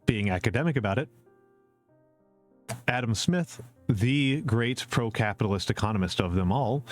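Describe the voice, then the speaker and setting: A man streaming a casual question-and-answer chat, opinionated and repeating his points for emphasis, with many fillers. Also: mid-range voice. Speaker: VTuber streamer.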